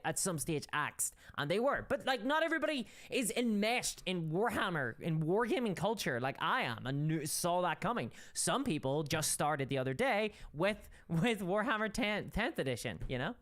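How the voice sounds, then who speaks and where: Woman streamer, casual stream commentary, ranting, opinionated, restarts a lot, very lively pitch. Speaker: streamer reading chat.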